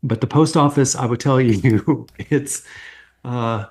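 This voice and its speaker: A man's voice: mid-range voice, takes it slowly. A middle-aged man, a guest on an interview show, casually telling stories and acting out the conversations he recalls. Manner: animated storyteller, acts out quoted exchanges.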